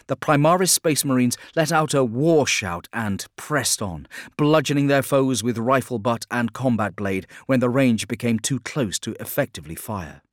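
A male narrator reads a fierce action story in a steady, measured voice. His pitch sits in an ordinary middle range. The recording is dry and close, with no room sound around him. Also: no room sound. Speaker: audiobook narrator. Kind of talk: scripted narration.

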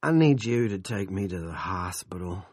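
A domineering older town boss, low and controlled, with menace under the calm as a man plays him. The voice is husky and grainy. It is storybook narration. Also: normal speed, dry recording, studio quality.

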